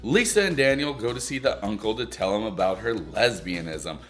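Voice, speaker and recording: Bright-voiced sarcastic male recapper. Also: on the low side, expressive, normal speed, soft background music. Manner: sarcastic, crude, mocking, slips into silly voices. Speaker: recap comedian. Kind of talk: comedic TV recap.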